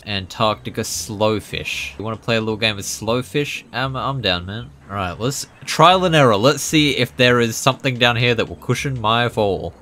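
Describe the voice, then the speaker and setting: A young man hosting a gaming channel, giving jokey, excitable commentary that bursts into loud yelps. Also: fairly low pitch. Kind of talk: gameplay commentary.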